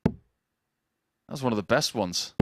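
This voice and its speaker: A man's voice: mid-range voice, expressive, measured pace, a little hiss or hum. A man commentating on darts, chatty and joking with his co-commentator. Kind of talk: live sports commentary with banter.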